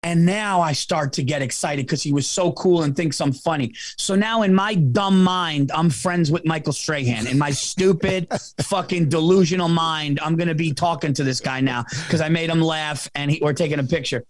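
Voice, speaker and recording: A man who is a comedian, hosting a podcast and telling a funny story in a casual, animated, self-mocking way, laughing and swearing as he goes. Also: on the high side, normal speed, hardly any pauses, dry recording. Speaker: comedian host.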